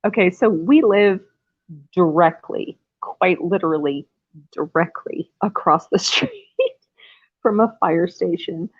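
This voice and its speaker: A woman's voice: on the low side, slow pace, no room sound. A woman hosting a casual livestream from home, rambling and effusive, often breaking into laughter. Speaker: livestream host. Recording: tinny phone-like sound.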